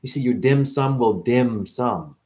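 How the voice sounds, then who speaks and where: A man delivering a rambling spiritual monologue, full of swearing, wordplay and sudden swings from muttering to shouting. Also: a little slow. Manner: profane, wordplay-driven, jumps between wild pitch swings and mutters. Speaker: spiritual speaker.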